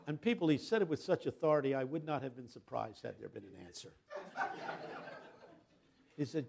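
An older man delivers a sermon as a guest preacher, spinning stories with humor. His voice sits a bit high for a man and carries a gravelly rasp, and he builds from easy storytelling to loud, impassioned peaks. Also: fairly quick.

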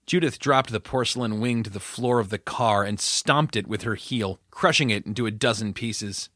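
A fairly low-pitched male narrator delivers scripted audiobook narration at an even, measured pace. It's studio quality, with no echo at all.

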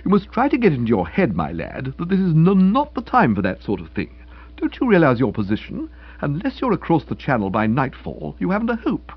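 A man's voice: fairly high pitch, wildly swooping pitch, brisk, breathy edge, highs cut off, voice pushed up, full character voice. A man voicing a flustered young male author who stammers and pleads his case at length. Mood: stern. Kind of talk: audiobook character reading.

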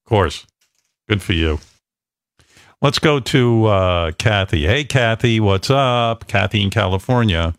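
A man's voice: on the low side, expressive, measured pace, no echo, clean studio sound. Blunt, joking male radio host. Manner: blunt, joking, loose with swearing. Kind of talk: casual radio banter.

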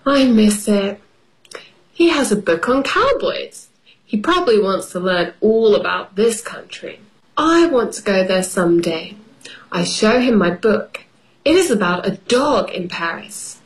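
Slow, expressive woman reading a children's story. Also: mid-range voice, poor audio. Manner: slow, expressive, explaining words. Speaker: storybook reader.

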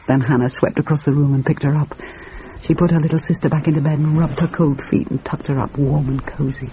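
A man reading a story aloud in a measured, reflective, musing manner. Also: on the high side, flat delivery, warm tone, a little hiss or hum, rough recording. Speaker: narrator. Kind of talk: audiobook reading.

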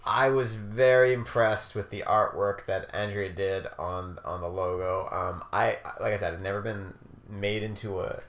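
Low-voiced man teasing on a podcast. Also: steady tone, normal speed, fairly bright tone, reverberant. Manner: dry teasing, hesitant with ums. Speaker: podcast co-host. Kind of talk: casual chat.

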